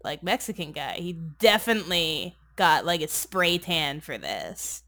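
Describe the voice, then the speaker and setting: A woman's voice: sits low, lively intonation, a little slow, gravelly, a bit bright. A woman casually recapping a movie on a comedy podcast, rambling and sarcastic, swearing often and saying "like" constantly. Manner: rambling, sarcastic, crude, heavy use of "like". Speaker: podcast co-host.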